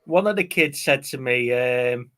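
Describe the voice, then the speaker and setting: Animated, bright and forceful, this mid-range male voice moves a little slowly. He co-hosts a movie live stream, rambling casually through stories with frequent fillers.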